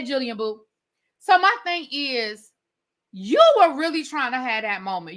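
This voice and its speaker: A woman's voice: high voice, pushed and bright. A woman hosting a livestream as a reality TV reviewer, giving blunt, opinionated commentary with casual swearing and replying to viewer comments.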